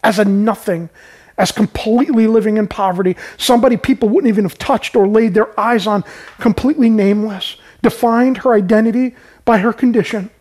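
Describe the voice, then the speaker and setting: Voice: mid-range voice, brisk, darkish tone. A pastor preaching a sermon with urgency, repeating key lines and calling on the listeners to respond.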